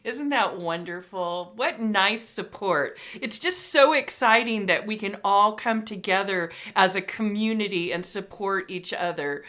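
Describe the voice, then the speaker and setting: A woman's voice: medium pitch, unhurried, hardly any pauses, pushed and bright. A woman hosting an online author talk, gushing with emotion and praise over a video call. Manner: gushing, emotional, reads viewer comments aloud. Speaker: host. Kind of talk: effusive live-stream hosting.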